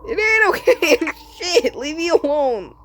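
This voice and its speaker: A woman giving casual commentary while playing a game, excitable and laughing, swearing often. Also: very high-pitched, unhurried. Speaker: gamer. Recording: noisy background.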